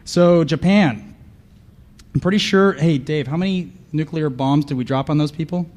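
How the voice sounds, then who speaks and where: On a conference panel, a man with a somewhat high, darkish voice speaks at a moderate pace. His live talk is comedic, full of sarcastic, mock-paranoid riffs, and he keeps throwing questions at the audience.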